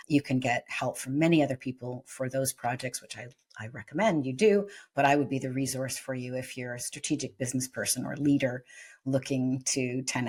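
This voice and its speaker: A woman's voice: rumbling low, breathy edge. A woman author and publisher, a guest on a podcast interview, giving upbeat, plain-spoken advice.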